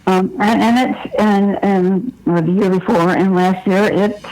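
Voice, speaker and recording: A woman's voice: mid-range voice, steady tone, a little slow, a little mellow, low-quality recording. A middle-aged woman calls into a gardening radio show with a question. She sounds puzzled and explains her problem at length, step by step. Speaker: caller. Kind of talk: call-in question.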